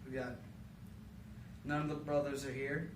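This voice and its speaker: A man's voice: medium pitch, flat delivery, normal speed, noisy background. A young man hosting a casual solo podcast from a home basement, goofy, rambling and poking fun at himself. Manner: goofy, self-mocking and rambling. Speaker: podcast host. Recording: echoey room, mic a bit far.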